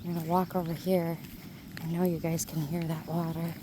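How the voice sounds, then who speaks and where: Strolling through a quiet valley, a vlogger with a somewhat low, flat voice talks casually to viewers in a nature walk video. She's recorded outdoors on a handheld phone camera, surrounded by clear sounds of rushing water, insects and birds.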